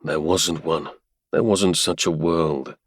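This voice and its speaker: A man narrating a romance audiobook in a measured, even storytelling manner. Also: a bass voice, no echo, studio quality. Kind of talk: scripted narration.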